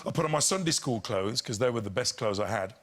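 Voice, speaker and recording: A man's voice: mid-range voice, fast. A man, telling anecdotes on a chat show and slipping into voices. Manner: animated storyteller, slips into voices and impressions. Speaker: guest. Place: TV studio with audience.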